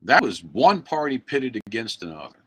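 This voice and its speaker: A man's voice: mid-range voice, sing-song, normal speed, husky. An American man giving an angry, emphatic livestream rant into his computer mic, preaching to viewers. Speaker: activist live streamer. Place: indoors at a computer.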